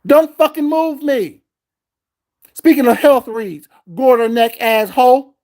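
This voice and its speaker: A man's voice: very high-pitched, lively intonation, slow pace, darkish tone. Male vlogger, angry confrontational rant, heavy swearing, recorded at home. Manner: heated, profane, confrontational. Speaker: vlogger host. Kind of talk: ranting vlog commentary.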